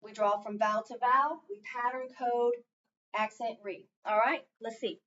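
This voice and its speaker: A woman's voice: a little high, fairly even intonation, moderate pace, a bit bright. A woman teaching a phonics lesson in a classroom, patient and coaching, with frequent encouragement. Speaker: reading teacher. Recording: distant, dull lo-fi classroom recording with faint noise.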